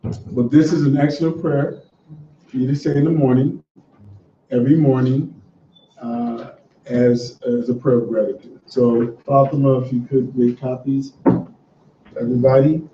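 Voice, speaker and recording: Dark-voiced man teaching a relaxed class. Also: medium pitch, unhurried, pauses often, slight background noise. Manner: relaxed, conversational, encouraging. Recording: dull, roomy sound from a distant mic.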